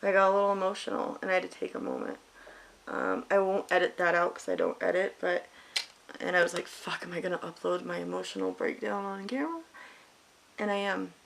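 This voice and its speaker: Woman beauty vlogger, gravelly creaky voice, blunt and candid, swears freely, faint background hiss. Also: fairly low pitch, fairly bright tone, low-quality recording. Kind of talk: casual makeup tutorial chat.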